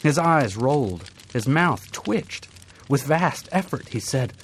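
Expressive male story narrator. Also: medium pitch, slow, a little hiss or hum. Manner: dramatic, expressive. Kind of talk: dramatic story reading.

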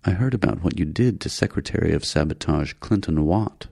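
A man voicing a polite but menacing male alien leader in a science fiction audiobook, speaking with smooth courtesy. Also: sits low, expressive, fairly quick, darkish tone, no echo, studio quality, heavily acted.

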